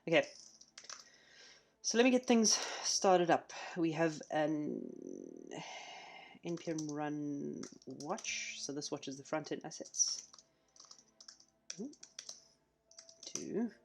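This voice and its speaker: A man streaming a live coding session, chatting casually and thinking out loud as he works. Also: on the high side, expressive, slow pace, vocal fry, pauses often, slight background noise.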